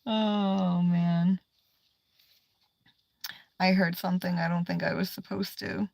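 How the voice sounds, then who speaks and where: Woman tarot streamer, casual, slow and loose, cusses, slips into whispers, dry close sound. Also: lowish voice, little pitch movement, vocal fry, darkish tone, no room sound. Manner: swears freely, trails off, drops to whispers. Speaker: tarot livestreamer. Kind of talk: casual live-stream chat.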